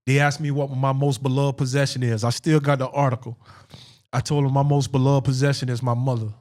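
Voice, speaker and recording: Co-hosting a podcast, a man shares a personal story at a fairly quick pace, his mid-range voice level in tone and a little mellow. He's conversational and emphatic, repeats phrases for stress, and acts out the dialogue he quotes.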